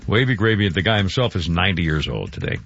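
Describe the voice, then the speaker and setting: A man's voice: low-pitched, sing-song, fast talker, gravelly, fairly bright tone, lo-fi sound. An older man hosting a radio show in casual talk, rambling, stopping himself mid-sentence and chuckling as he goes. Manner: rambling, self-interrupting, chuckling.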